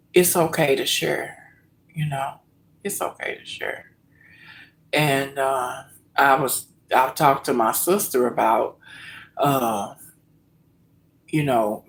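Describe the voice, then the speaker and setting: A woman chatting live with her viewers before cooking. She talks slowly and openly, stretching out her pauses. Her voice sinks to near-whispers when she gets emotional. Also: rumbling low. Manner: slow, heartfelt, emotional, addresses viewers as y'all. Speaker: cooking vlog host. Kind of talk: casual live-stream chat.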